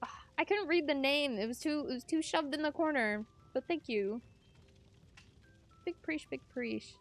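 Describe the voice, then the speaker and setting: A woman's voice: high-pitched, moderate pace, faint music behind. A young adult woman streamer chatting casually with her chat while gaming, laughing often.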